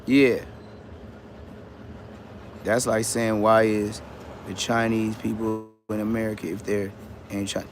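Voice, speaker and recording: A man ranting on a livestream in a loud, combative way, with heavy profane street slang. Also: mid-range voice, a little slow, pauses often, a little hiss or hum. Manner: loud, swooping, combative delivery. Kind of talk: heated livestream rant.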